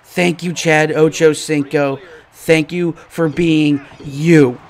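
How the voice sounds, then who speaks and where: A man hosting a gaming channel, giving live let's-play commentary and reacting excitably to each play. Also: fairly high pitch, slow pace. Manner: excitable, yelling and groaning at plays.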